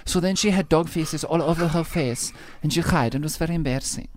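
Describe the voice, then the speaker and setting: A man's voice: a little high, fast talker, darkish tone, a little hiss or hum, lightly acted. A man doing an indignant German guy. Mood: scandalized. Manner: breathless, scandalized gossiping with broken phrasing. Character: excitable German man, late twenties, indignant storyteller. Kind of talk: comic character bit on breakfast radio.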